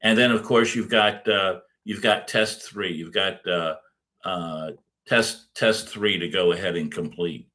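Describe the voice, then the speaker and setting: A man's voice: sits low, measured pace, sharp tone. A middle-aged man giving a casual recorded lecture as a course instructor, rambling with many fillers and restarts.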